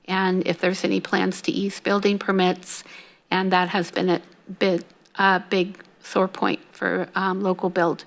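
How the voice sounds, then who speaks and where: A woman's voice: on the low side, flat delivery, measured pace. A woman reading public comments aloud at a city council meeting, hesitant and apologetic, with frequent fillers.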